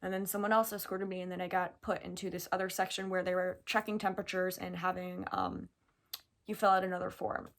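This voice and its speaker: A young woman from the United States recounts a personal story straight to camera. Her delivery is chatty and animated, peppered with casual fillers as she relives each step. It has the easy, unscripted feel of a vlog. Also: on the low side, fairly quick. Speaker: vlogger.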